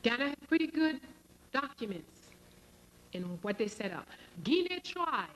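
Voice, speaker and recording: A woman's voice: sits high, sing-song, a little slow, fairly bright tone, slight background noise, rough recording. A woman giving an impassioned public lecture, emphatic, acting out scenes and asking rhetorical questions. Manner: emphatic, role-plays scenarios, rhetorical questions.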